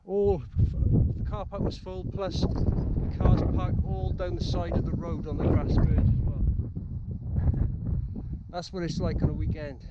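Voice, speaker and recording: A man's voice: sits high, measured pace. A man hiking and casually talking to his camera outdoors, rambling with plenty of fillers. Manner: relaxed, rambling, with many fillers. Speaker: hiking vlogger. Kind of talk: casual vlog narration. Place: outdoors on a windy hillside. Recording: dull outdoor camera audio with wind noise.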